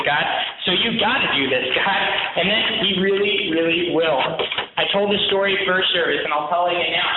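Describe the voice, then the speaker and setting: A man's voice: a little high, noisy background. A man giving a sermon as a pastor, talking in an earnest, conversational way and often checking in with listeners. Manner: conversational, earnest, frequent "right?" asides. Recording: very echoey, thin phone-like sound.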